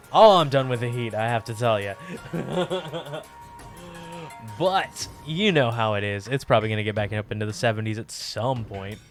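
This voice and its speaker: Bubbly, laughing man chatting to his stream. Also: medium pitch. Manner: bubbly, laughs often, halting restarts. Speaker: livestream host. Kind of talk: casual chat with live chat viewers. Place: basement apartment.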